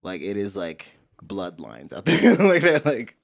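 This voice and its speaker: A man's voice: lowish voice, wildly swooping pitch, unhurried, vocal fry, no room sound, studio quality. A man telling a story in a casual podcast chat, laughing often and acting out noises. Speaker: podcast co-host.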